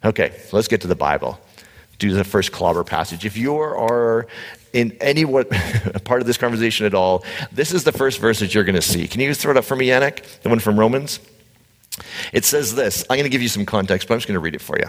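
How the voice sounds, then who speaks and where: A man preaching a conversational sermon, animated, blunt and joking with his congregation. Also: lowish voice, fairly quick. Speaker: pastor. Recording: echoey hall reverb.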